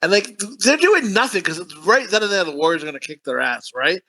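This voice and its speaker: A man's voice: high voice, brisk. A man co-hosting a podcast, chatting crudely about a film he loved as a child and breaking into mocking voices. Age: adult, recalls the film from childhood. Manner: animated, swings into mocking voices of movie characters. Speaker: podcast co-host. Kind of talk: crude casual film chat.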